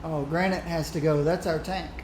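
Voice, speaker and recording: A man's voice: a little high, fairly even intonation, normal speed, reverberant, noisy background. A man chatting casually while streaming a game, rambling and laughing often. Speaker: gaming streamer. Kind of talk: casual gameplay commentary.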